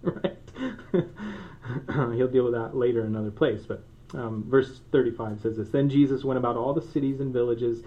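A man preaching from the pulpit at a middling pitch, casual and playful, with frequent laughs and asides. The recording is a bit muffled and dull. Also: moderate pace. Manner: conversational, joking asides, laughs often. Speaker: pastor. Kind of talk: sermon. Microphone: microphone.

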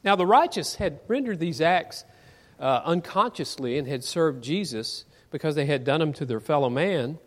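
Earnest preacher in a reverberant church. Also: male voice, on the high side, expressive, normal speed. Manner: earnest, rhetorical questions to the congregation. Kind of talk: sermon. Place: church sanctuary.

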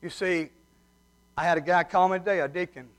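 A man's voice: sits high, steady tone, fairly quick, fairly bright tone. A man preaching a sermon, folksy and heartfelt as he tells stories. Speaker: pastor. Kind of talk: sermon with humorous story.

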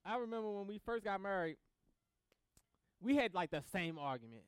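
A man preaching a sermon in a casual, animated way, acting out both sides of conversations and laughing as he tells stories. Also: high voice, normal speed, clean tone, no room sound. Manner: casual slang-filled delivery with laughter. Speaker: pastor.

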